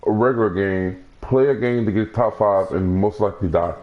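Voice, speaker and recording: Young male gaming streamer, low voice, loose rambling delivery, muffled lo-fi stream sound. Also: moderate pace. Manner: rambling, many restarts and fillers. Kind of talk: casual gaming commentary.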